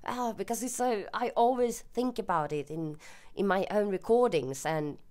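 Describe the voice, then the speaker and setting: A woman's voice: medium pitch, normal speed, a little mellow. A young woman from Sweden with a Swedish accent, chatting casually to camera in a rambling, self-deprecating way. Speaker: vlogger.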